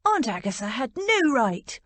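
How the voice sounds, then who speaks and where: A woman's voice: a little high, very animated, measured pace, fairly bright tone, dry recording, pitched above the performer's own voice, heavily acted. Woman reading a fiery, indignant young heroine. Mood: scornful. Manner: indignant, outspoken.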